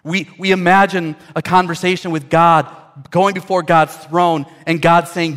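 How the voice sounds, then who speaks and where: Cast: pastor, man, a bit higher-pitched, folksy storytelling sermon, repeats words while building a point. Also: level tone, unhurried, a bit bright.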